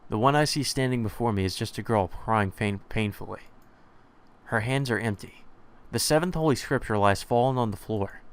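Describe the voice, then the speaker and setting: A man's voice: lowish voice, normal speed, smooth. A man reading a visual novel aloud, with small stumbles and restarts. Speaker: let's play narrator. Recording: music playing behind.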